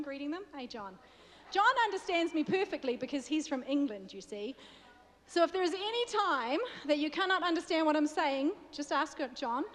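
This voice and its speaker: A woman from New Zealand, accent plain in every word, delivers a sermon in a relaxed, joking way. Her voice sits high and light. It rings out with a long reverb through a church hall. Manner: chatty, self-deprecating, joking with the congregation. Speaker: guest preacher.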